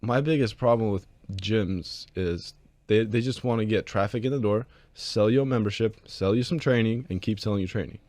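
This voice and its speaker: A male personal trainer is interviewed as a guest, talking in a casual, easygoing way. His voice sits on the low side, and he often ends his points with "right?". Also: normal speed, a little mellow, dry recording. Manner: casual, laughs easily, says "right?" often. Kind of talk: interview conversation.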